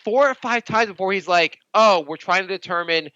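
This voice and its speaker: A man's voice: high voice, brisk, pushed and bright, smooth, no echo. A man co-hosting a podcast, telling rambling stories in casual chat and acting out both sides of each conversation. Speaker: podcast co-host. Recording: dull lo-fi dry podcast mic.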